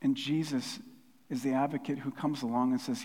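A middle-aged man preaching a sermon with passion, his voice swelling from quiet asides to loud, fervent peaks. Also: mid-range voice, steady tone, moderate pace. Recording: long hall reverb.

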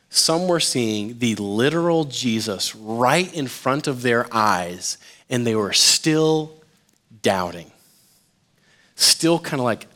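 A man's voice: medium pitch, slow pace. A man preaching a casual, conversational sermon as a youth pastor, joking with his listeners and acting out the stories. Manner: animated and jokey, acts out quotes, addresses listeners as "you guys".

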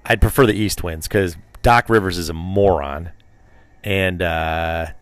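A man's voice: low-pitched, a little slow. A man co-hosting a casual podcast, talking sports in a rambling, opinionated, teasing way. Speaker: podcast co-host.

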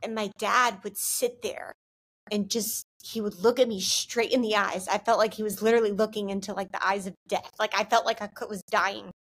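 Young adult woman, Christian vlogger, candid and earnest, middle pitch. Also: fairly even intonation, moderate pace, a bit bright. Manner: earnest, candid, filler-heavy with frequent "like". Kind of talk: heartfelt faith talk to camera.

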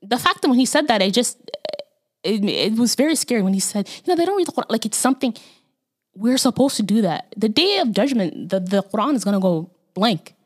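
A woman's voice: a little high, animated, fairly quick. Earnest young woman, repeating for emphasis. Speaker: podcast co-host. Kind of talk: casual chat.

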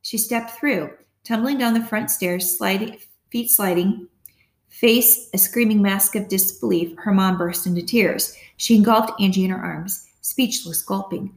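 A woman reading an audiobook as narrator, in a steady, close storytelling manner. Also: medium pitch, unhurried. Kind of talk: scripted narration. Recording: roomy echo.

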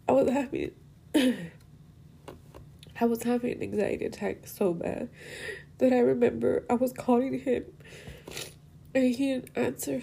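A woman's voice: fairly high pitch, vocal fry, mellow, slight background noise. A young woman hosting a podcast, talking about her father in a rambling, emotional monologue, tearful at times and slipping between English and Spanish. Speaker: podcast host. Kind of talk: personal monologue.

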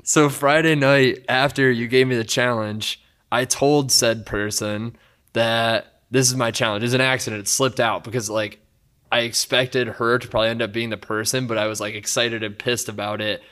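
A young man telling a story in casual conversation, animated and often laughing. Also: medium pitch, normal speed. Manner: animated, laughs a lot while telling stories.

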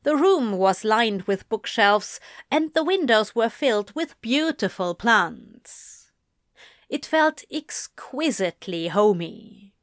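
A woman narrating a fiction audiobook in a slow, expressive manner. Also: fairly high pitch, dry recording, clean studio sound.

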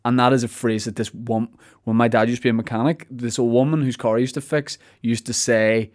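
A man's voice: medium pitch, fairly even intonation, a little fast. A man hosting his podcast from a studio, telling a comic story in a rambling, self-mocking way. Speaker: podcast host. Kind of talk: casual comic monologue.

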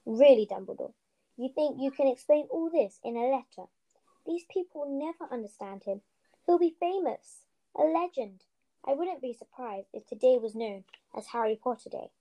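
A woman's voice: high voice, lively intonation, moderate pace, mellow. A woman reading a storybook aloud, voicing a distraught, stern elderly female witch professor with urgent, emphatic delivery. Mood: indignant. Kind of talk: storybook reading with character voices.

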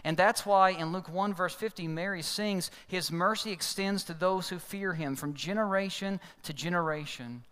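Man, pastor, sermon, storytelling, acts out quoted voices, smooth clear voice, long church hall reverb. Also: high voice, normal speed, few pauses, fairly bright tone.

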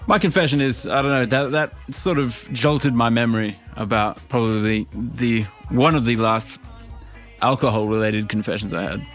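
A man's voice: medium pitch, normal speed, fairly bright tone, soft background music. Wry podcast co-host man. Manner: wry, self-mocking. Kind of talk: casual chat.

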